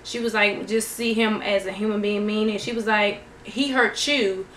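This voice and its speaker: A woman casually recapping a TV show in a vlog, chatty and animated, quoting people as she goes. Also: medium pitch, moderate pace. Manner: chatty, animated retelling with quoted dialogue. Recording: echoey room, faint noise.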